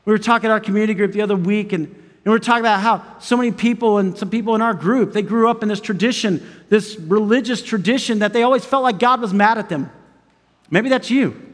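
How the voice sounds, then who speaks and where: A man preaching a sermon as pastor. His delivery is emphatic, swinging from loud urgency to hushed intimacy, and he chuckles between phrases. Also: high voice, quick pace. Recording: long reverb of a large hall.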